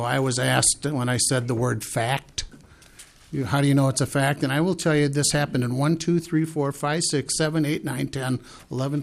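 A man who owns a horse farm giving earnest, persuasive committee testimony, citing figures with pauses and restarts. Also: medium pitch, darkish tone.

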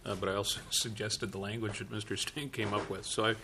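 A male legislator speaks in a low, flat voice, hedging and hesitating. Clear background noise runs under the recording. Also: fast talker.

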